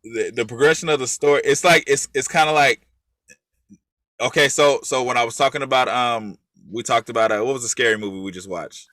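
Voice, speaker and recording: Co-host, man; bright, lively chat, repeats himself, dry close sound. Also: medium pitch, fairly quick, dry recording. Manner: animated, chatty, repeats words when restarting. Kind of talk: casual chat.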